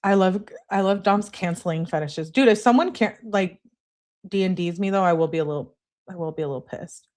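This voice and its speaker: A woman's voice: lowish voice, a little fast. Woman doing a casual live text reading. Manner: reads texts aloud in an animated way, chats to live viewers. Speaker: true-crime channel host.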